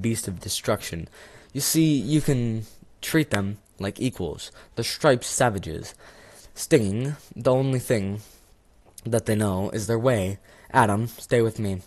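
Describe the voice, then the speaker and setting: A man voicing a pompous, melodramatic male lawyer who is dying, reading haltingly and stumbling over words in an amateur script reading. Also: lowish voice, a little mellow.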